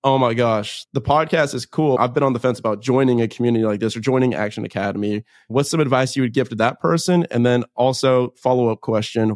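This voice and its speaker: A man's voice: mid-range voice, darkish tone, no room sound, clean studio sound. A man hosting a podcast in an easygoing, enthusiastic way, full of casual slang. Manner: enthusiastic, slangy, says "dude" a lot. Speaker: podcast host.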